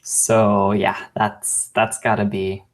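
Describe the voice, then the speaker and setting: A man co-hosting a maker podcast, talking casually and pausing often to search for words. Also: lowish voice, little pitch movement. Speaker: podcast co-host. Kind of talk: casual chat.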